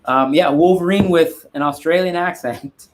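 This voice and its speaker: A man's voice: a little high, normal speed, a little hiss or hum. A man, a guest art collector, chatting casually on a live stream and rambling with restarts and asides.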